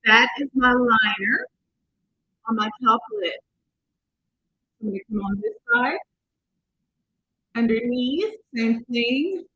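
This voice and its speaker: A woman's voice: on the high side, slow pace, pauses often, bright, forceful tone, dull audio. A woman demonstrating makeup in a casual tutorial, chatty and talking viewers through each step, sometimes quizzing them. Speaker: makeup artist demonstrating products.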